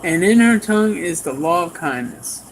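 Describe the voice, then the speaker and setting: Animated male preacher telling a story. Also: normal speed, a little hiss or hum, low-quality recording. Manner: animated storytelling, swings in pitch and pace. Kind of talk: sermon.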